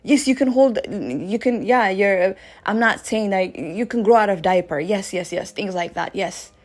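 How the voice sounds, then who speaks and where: A woman in her thirties, hosting a radio show, works through a casual spiritual monologue with animated swings from loud bursts to soft asides. Her pitch is medium and she talks a little slowly.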